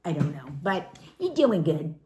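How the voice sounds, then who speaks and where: A middle-aged woman with a lowish voice chats casually to the camera as a family caregiver. She laughs often as she tells her stories. Her delivery is relaxed and conversational. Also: measured pace. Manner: chatty, laughs often while telling stories. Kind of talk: casual storytelling vlog.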